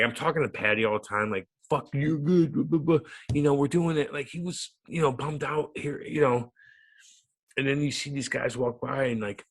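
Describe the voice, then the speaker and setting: Man, ex-hockey enforcer, loud swearing storyteller, animated. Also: mid-range voice, breathy edge. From United States. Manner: profane, boisterous, animated storytelling. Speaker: former hockey enforcer, radio host. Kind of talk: storytelling interview.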